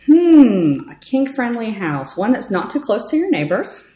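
A woman's voice: on the high side, unhurried. A woman in her thirties, a realtor, talking casually and animatedly in an interview, with many fillers. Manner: chatty, animated storytelling with fillers. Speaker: realtor guest. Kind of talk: conversational interview. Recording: roomy echo.

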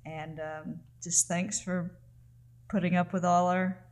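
Woman, podcast co-host, lowish voice, laid-back, plainspoken. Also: flat delivery, takes it slowly, a little mellow. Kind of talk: casual chat.

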